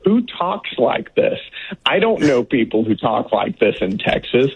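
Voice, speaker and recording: Man, political guest, dismissive, husky voice, phone-like sound. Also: medium pitch. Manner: dismissive, scornful, laughing at opponents. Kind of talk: remote interview commentary. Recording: tinny phone-like line.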